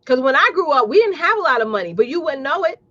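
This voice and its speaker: A woman's voice: high voice, sing-song, fast talker, a bit bright, no echo, dull audio. A woman business coach hosting a live talk, blunt and sassy, calling her audience y'all and preaching about mindset. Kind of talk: live streamed motivational talk.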